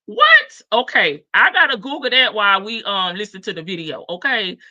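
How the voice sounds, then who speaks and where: Bright-voiced chatty woman livestream host. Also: medium pitch, animated, a little fast, dry recording, lo-fi sound. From Chicago. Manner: chatty, greets viewers one by one, sassy asides. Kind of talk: casual livestream chat.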